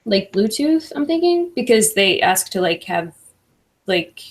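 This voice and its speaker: Reading out chat comments on her livestream, a woman speaks at a measured pace in a medium-pitched voice with big pitch swings. The talk is casual and full of laughter, peppered with "like" and "I don't know."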